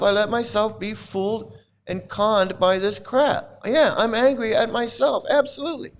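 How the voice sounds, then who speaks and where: A man's voice: high-pitched, steady tone, normal speed, slight background noise. A middle-aged man delivering a furious, repetitive monologue to camera, swearing and bitter. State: angry, voice breaking at times. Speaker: channel host, cult critic.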